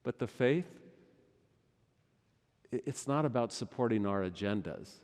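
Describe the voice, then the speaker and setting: A middle-aged male pastor preaching a sermon, swinging between loud urgency and hushed intensity. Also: mid-range voice, expressive, unhurried. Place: large church sanctuary. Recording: long church hall reverb.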